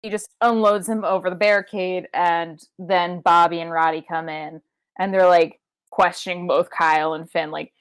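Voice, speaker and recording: A woman co-hosting a podcast, recapping a wrestling show in casual chat, swearing freely and leaping into high-pitched impressions. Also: moderate pace, no echo. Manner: animated, profane, jumps into high-pitched impressions. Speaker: podcast co-host.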